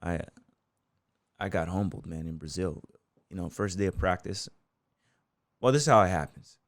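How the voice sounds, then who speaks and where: An American man with a lowish voice tells a long anecdote as a podcast guest, loose and rambling, peppered with "you know" and "man". His voice is close and dry, with no room around it. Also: normal speed, dry recording. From United States. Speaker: podcast guest, bull rider and gym owner. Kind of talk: casual storytelling interview.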